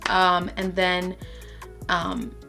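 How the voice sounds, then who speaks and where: A woman from Brazil chatting excitedly to camera as a vlogger and stumbling over words. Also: on the low side, extremely slow, soft background music. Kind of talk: casual chat to camera.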